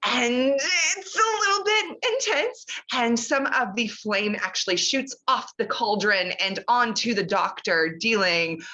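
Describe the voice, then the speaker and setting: A woman's voice: mid-range voice, sharp tone, highs cut off. A woman narrating a tabletop game as game master, hesitant with many fillers.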